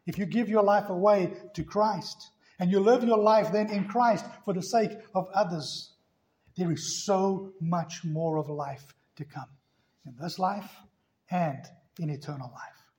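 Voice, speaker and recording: A male pastor preaching a sermon emphatically, swinging between loud passages and hushed ones. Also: high-pitched, a little slow.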